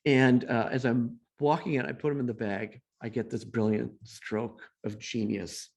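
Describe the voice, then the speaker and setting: A middle-aged man telling a personal story as a guest speaker, self-deprecating and animated, acting out the voices of the people he quotes. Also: mid-range voice, normal speed, vocal fry.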